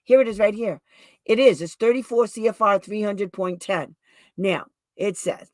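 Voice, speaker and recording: A woman hosting a show as a special education advocate, telling stories in a chatty, rambling way with asides and quick restarts. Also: on the low side, no room sound. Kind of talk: casual storytelling livestream talk.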